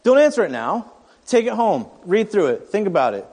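A man's voice: high-pitched, very animated, normal speed, darkish tone, breathy edge, long reverb tail. A man in his thirties preaching a sermon in a conversational, storytelling way, often restarting his sentences. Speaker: pastor.

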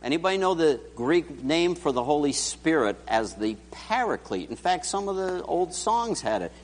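Guy preaching a sermon, voice a bit high and all over the place, asks the crowd stuff, long echo from the church hall. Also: normal speed. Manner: animated, talks directly to the congregation. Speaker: pastor.

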